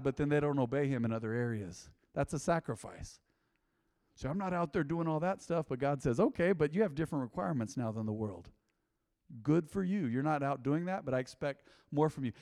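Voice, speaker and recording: A man preaching a sermon to a congregation, calling for responses and swinging between loud and quiet. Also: a little high, no room sound, clean studio sound. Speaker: pastor. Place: church with live congregation.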